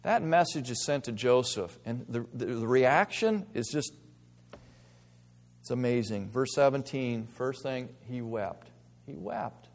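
A man preaching a sermon as pastor, earnest, moving between quiet reflection and emphatic stress. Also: mid-range voice, animated, a little slow. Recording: long reverb of a large hall.

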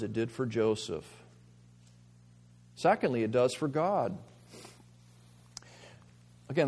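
A man preaching a sermon as pastor, earnest, moving between quiet reflection and emphatic stress. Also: fairly high pitch. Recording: long reverb of a large hall.

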